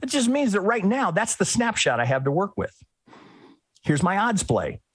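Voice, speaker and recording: A man with a husky, slightly breathy voice teaches trading on a live screen share, his pitch swinging high and low as he talks. He often drops into quick impressions of traders' inner thoughts. The sound is close and dry, with no room echo. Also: very animated, a bit bright. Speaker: trading educator.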